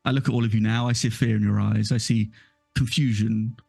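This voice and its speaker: Scheming old elder, creaky and contemptuous, as a game master puts him on, in a dry room with faint music behind. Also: male voice, on the low side, steady tone, a little mellow, dry recording. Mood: gloating. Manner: slow, gloating, contemptuous. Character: scheming old male village elder, menacing and condescending.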